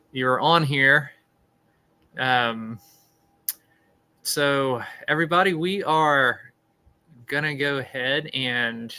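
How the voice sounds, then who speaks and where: A man's voice: mid-range voice, sharp tone, clear, resonant tone, low-quality recording. A man hosting a live stream, chatting casually and laughing at his own corny jokes. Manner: joking, rambling, laughs at own puns. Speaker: podcast host.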